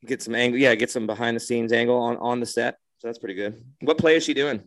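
A man's voice: medium pitch, fairly even intonation, quick pace, dry recording. A man co-hosting a podcast in casual chat, laid-back and joking. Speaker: podcast co-host.

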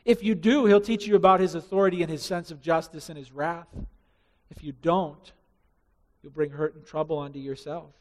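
A man preaching a sermon with passion, building to loud rising emphasis and dropping to hushed asides. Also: on the high side, fairly even intonation, moderate pace, long reverb tail. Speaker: pastor.

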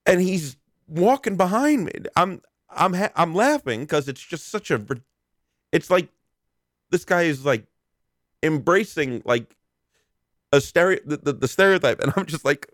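A male podcast host telling a casual story, rambling and restarting often, amused at himself. His pitch moves up and down with a lot of life. The recording is dry and close. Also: sing-song, moderate pace, fairly bright tone, no echo. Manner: self-amused.

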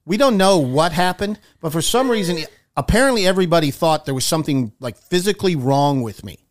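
A man co-hosting a radio talk show, telling a wry, animated story in casual chat. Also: a little high, brisk.

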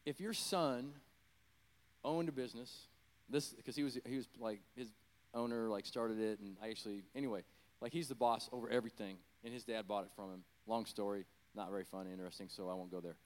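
A man's voice: on the low side, steady tone, fast, a little mellow. A middle-aged man, a former pastor, preaching a conversational sermon and telling a personal story, rambling with self-deprecating, apologetic asides.

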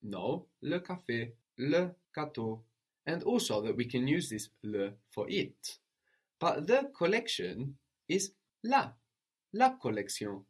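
A man teaching a language lesson, patiently modeling pronunciation slowly and asking a student to repeat. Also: fairly high pitch, sing-song, husky.

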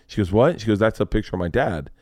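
A man hosting a podcast, telling a story in a casual, animated way, acting out the people he quotes and swearing freely. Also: fairly low pitch, racing, dry recording, studio quality. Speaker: podcast host.

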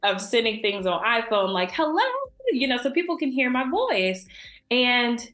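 A woman's voice: fairly high pitch, expressive, normal speed. Chatty young woman in an echoey room. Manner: warm, chatty, laughs often. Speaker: podcast guest. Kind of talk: casual faith chat.

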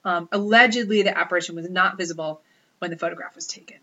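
A woman's voice: fairly low pitch, fast, pushed and bright, lo-fi sound. A woman co-hosting a podcast, telling ghost stories in a wry, joking, casual way. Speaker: podcast co-host. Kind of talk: casual chat.

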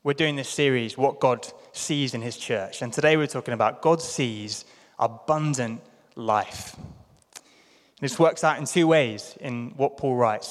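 A man's voice: mid-range voice, unhurried, long reverb tail. A man from London with a British accent preaching a sermon in a chatty, self-deprecating way. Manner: chatty, self-deprecating, puts on playful voices for quotes. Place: church hall.

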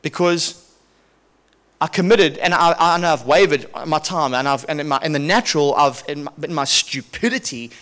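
A male pastor preaching a sermon, telling a personal testimony in a lively, chuckling way and often repeating himself. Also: fairly high pitch, a little fast, hardly any pauses.

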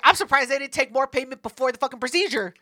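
A woman's voice: sits high, animated, fast talker, bright, forceful tone. A woman co-hosting a podcast, reacting to a story in casual, profane, jokingly indignant chat. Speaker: podcast co-host.

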